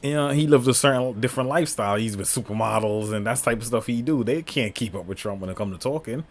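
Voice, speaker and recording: A man reacting to comedy on camera, his voice in a middle register. He is animated and blunt, full of slangy asides. He often breaks into laughter between remarks. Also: medium pitch, fast talker. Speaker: reaction video host. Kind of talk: casual reaction commentary.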